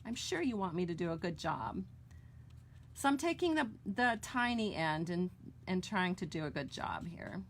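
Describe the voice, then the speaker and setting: In a lowish, very animated voice at normal speed, a middle-aged woman with an American accent walks through card-making step by step. She's chatty and homey, correcting herself while coloring, and a little hiss or hum sits under the audio.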